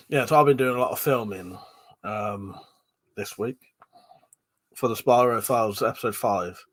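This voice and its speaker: A man's voice: fairly low pitch, measured pace, pauses often, fairly bright tone. A man hosting a casual live stream, reading out chat comments, rambling and swearing, short of breath and yawning. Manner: chatty, swearing, reads chat aloud and rambles.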